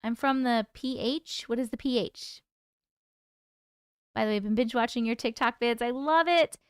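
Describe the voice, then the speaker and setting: A woman's voice: a little high, normal speed, clean tone, no room sound, studio quality. A woman hosting a casual livestream, reading out viewer comments and greeting people by name in a chatty, affectionate way. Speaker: livestream host.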